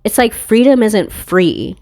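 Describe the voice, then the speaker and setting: A woman's voice: mid-range voice, expressive, slow pace, darkish tone, dry recording, clean studio sound. A woman tarot reader talking in a casual spiritual monologue, rambling and swearing freely, often laughing at herself.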